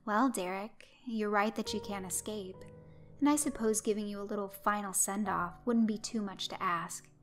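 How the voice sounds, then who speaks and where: A woman's voice: medium pitch, normal speed, faint music behind, natural voice. A woman voicing a crude, cocky young killer. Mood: teasing. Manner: teasing, foul-mouthed, cocky.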